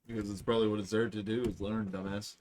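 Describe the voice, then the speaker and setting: A man's voice: lowish voice, flat delivery, a little mellow. Blunt man co-hosting a livestream. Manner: blunt, quick, teasing. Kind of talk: casual livestream chat.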